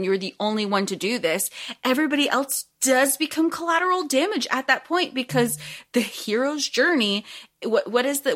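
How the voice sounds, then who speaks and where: A woman's voice: on the high side, a bit bright. A woman co-hosting a podcast, thinking aloud about a story in a casual, laughing way. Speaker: podcast co-host. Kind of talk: casual book discussion.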